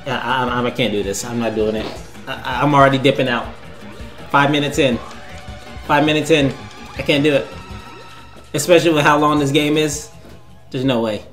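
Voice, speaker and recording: A man's voice: medium pitch, steady tone, normal speed, pauses often, fairly bright tone, soft background music. A man hosting a let's play, rambling and self-deprecating as he comments on the game. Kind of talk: casual gameplay commentary.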